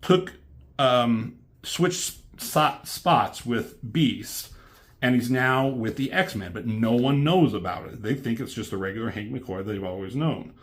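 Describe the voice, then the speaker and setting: A man talks through a comic book in a loose, rambling way, dropping fillers and the odd swear. His voice sits at an ordinary middle pitch. It is a relaxed, unscripted review. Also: takes it slowly.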